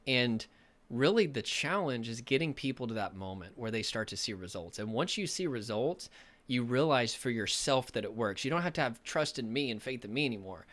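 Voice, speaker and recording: Brief: male recovery coach, motivational talk to camera, earnest and emphatic, mid-pitched voice. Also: animated, brisk, a bit bright.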